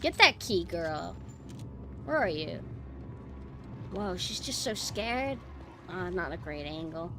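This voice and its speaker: A woman streamer giving excitable gameplay commentary, swearing and bursting into shouts. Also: fairly low pitch, slow pace, pauses often, music in the background.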